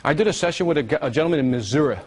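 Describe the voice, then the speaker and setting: A man running a live seminar, pitched a little higher than most men. He talks in an animated, playful way, firing questions at the room and teasing people until they answer back. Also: very fast, slightly rough. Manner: animated, teasing, call-and-response with the audience. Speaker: seminar speaker on marketing. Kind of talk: live seminar talk to an audience.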